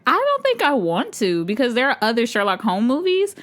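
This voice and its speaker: A woman's voice: a little high, wildly swooping pitch, fairly quick, a bit bright. A woman co-hosting a podcast in casual chat, playful and giggly, bantering back. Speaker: podcast co-host.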